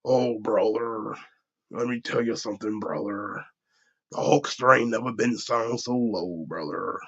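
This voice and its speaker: A man putting on the voice of a sad, deflated, boastful male pro wrestler, speaking in a slow, low, groaning drawl, on dull lo-fi audio. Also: husky. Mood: mopey.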